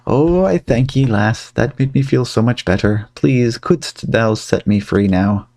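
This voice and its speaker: A man voicing a pleading old-fashioned colonial gentleman in archaic speech. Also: mid-range voice, a little slow, lightly acted. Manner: archaic, beseeching.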